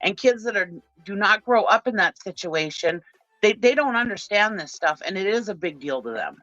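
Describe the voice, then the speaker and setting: A woman's voice: mid-range voice, lively intonation, moderate pace, a bit bright, dry recording, highs cut off. A middle-aged woman from Minnesota, ranting with passion as a guest on a livestream panel. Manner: impassioned, ranting.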